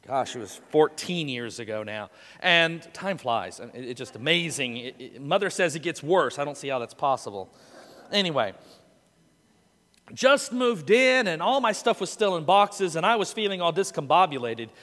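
Male pastor, high and bright, folksy sermon storyteller in a reverberant hall. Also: moderate pace. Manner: storytelling, folksy and animated, with quoted voices.

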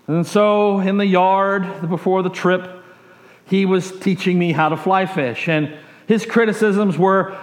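Male pastor, storytelling sermon, high voice, animated chained phrasing, roomy echo. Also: a little slow. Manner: animated, builds excitement in long chains of "and".

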